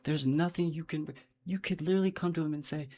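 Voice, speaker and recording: A man's voice: fairly high pitch, fairly even intonation, fast talker, warm tone. A man hosting a livestream, giving unscripted commentary in a blunt, profane, rambling way. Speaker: livestream host.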